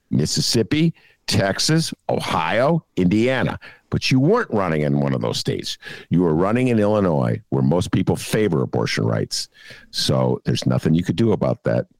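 A male podcast co-host giving sarcastic, scolding political commentary, jabbing at his target and dropping into low asides. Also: gravelly, no echo. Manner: sarcastic, scolding, swinging between loud jabs and low asides.

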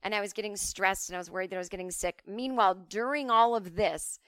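A woman's voice: mid-range voice, fast talker, fairly bright tone, no echo, studio quality. A woman hosting a podcast who tells comic stories in a chatty, self-mocking way and swears freely. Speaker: podcast host. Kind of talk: casual comic storytelling.

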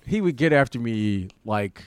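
A man in his fifties, a former basketball player, hosting a casual podcast chat in a halting way, repeating words and laughing often. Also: medium pitch, animated, clear, resonant tone, no room sound.

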